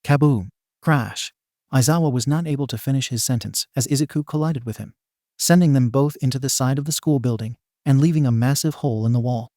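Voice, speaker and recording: A man's voice: mid-range voice, fast talker, dark tone, no room sound, clean studio sound. A man reading a comedic fan story aloud in a wry, tongue-in-cheek narrating voice.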